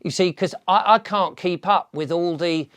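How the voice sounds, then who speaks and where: Older man, English accent, fairly high voice, theatrical, chatty vlog monologue. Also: normal speed, fairly bright tone, smooth. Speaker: vlogger. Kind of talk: casual monologue to camera.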